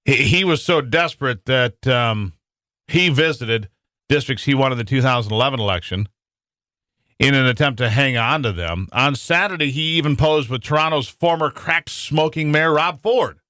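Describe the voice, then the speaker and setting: A man's voice: medium pitch, moderate pace, pushed and bright, no room sound, clean studio sound. An American man hosting a talk radio show in a rambling monologue with frequent restarts. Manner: rambling, with many restarts and fillers.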